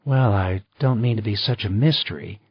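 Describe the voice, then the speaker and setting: A man's voice: fairly low pitch, moderate pace, slightly rough, no echo. A man voicing a poised, chatty female travel writer in an audiobook reading. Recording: slightly dull dry recording.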